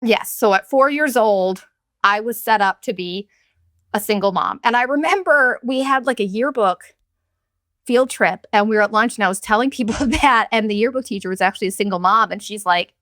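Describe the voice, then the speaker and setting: A woman's voice: mid-range voice, moderate pace, a bit bright, no echo, studio quality. A woman in her thirties hosting a podcast, ranting in a candid, profane, sarcastic and rambling way. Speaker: podcast host. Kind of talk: casual solo podcast rant.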